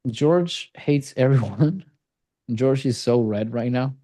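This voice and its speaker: Male sales coach, mellow tone, blunt and profane, teases students. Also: medium pitch, expressive, takes it slowly. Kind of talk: group coaching call.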